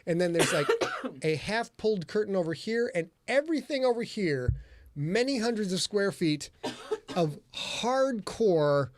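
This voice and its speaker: A man hosting a podcast in casual chat, telling stories in an animated, profane way and putting on loud voices. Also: sits high, unhurried. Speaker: podcast host.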